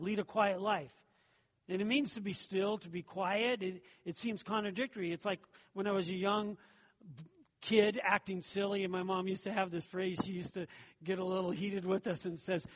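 High-voiced preacher man in echoing hall. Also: fairly even intonation, moderate pace, husky. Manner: conversational preaching with rhetorical questions. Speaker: pastor. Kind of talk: sermon.

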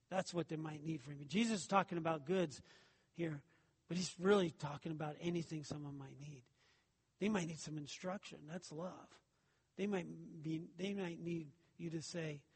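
A man's voice: a little high, slightly rough, big-room sound. A man preaching a sermon as pastor, talking it through with the congregation and asking rhetorical questions.

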